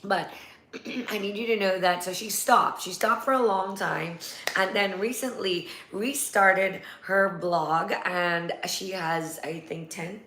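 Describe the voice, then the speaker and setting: A woman's voice: mid-range voice, slow pace, pushed and bright. A woman hosting a casual live-stream chat, talking at length and rambling with easy laughs. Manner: chatty, rambling, laughs easily. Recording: echoey room.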